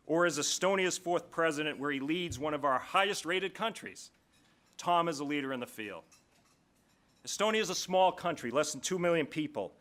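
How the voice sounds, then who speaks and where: A man with a bright, forceful, somewhat high voice reads a formal introduction at an awards dinner. He speaks in measured, rhetorical phrases with deliberate pauses. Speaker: host introducing the keynote speaker. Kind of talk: formal prepared speech. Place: banquet hall.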